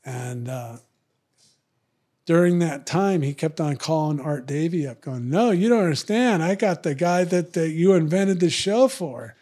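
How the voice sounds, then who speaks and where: A man's voice: fairly high pitch, a little slow, mellow, husky. A man telling a long story in casual podcast chat, acting out other people's lines in raised voices. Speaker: podcast guest, retired fighter.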